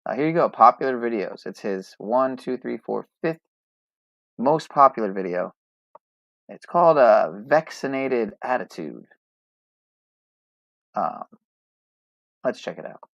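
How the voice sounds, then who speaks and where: A man's voice: medium pitch, expressive, unhurried, vocal fry, pauses often, fairly bright tone, no echo, highs cut off. A man hosting a podcast in casual chat, rambling and hesitant, often restarting his words. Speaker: podcast host.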